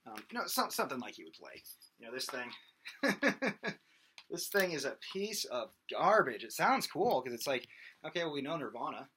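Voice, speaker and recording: A young vocal instructor gives a casual singing lesson, rambling loosely with many fillers and breaking into loud sung demonstrations. His voice is medium-pitched, very animated and brisk, with background noise audible.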